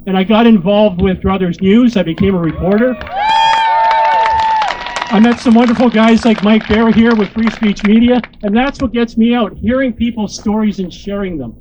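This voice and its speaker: A man's voice: high voice, fairly even intonation, moderate pace, dull audio, noisy background. A man, a motivational speaker and corporate trainer, giving a joking, crude, rousing speech to a crowd into a handheld microphone.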